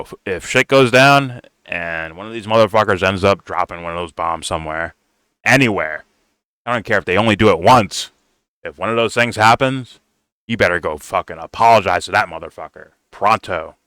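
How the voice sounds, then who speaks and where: A heated man tears into a political video he is reacting to, cursing at every turn. His voice sits a little low and pushes forward with a hard, tense edge, recorded close and dry. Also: moderate pace, sharp tone, clear, resonant tone, dry recording. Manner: blunt, heated, swears constantly, says "bro". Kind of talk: profane reaction rant.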